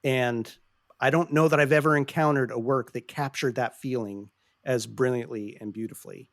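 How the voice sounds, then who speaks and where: A man's voice: mid-range voice, fairly even intonation, moderate pace, no echo, studio quality. A man hosting a podcast, talking earnestly and passionately, often restarting his sentences as he searches for words. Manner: earnest, passionate, frequent swearing. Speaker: podcast host. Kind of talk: casual podcast discussion.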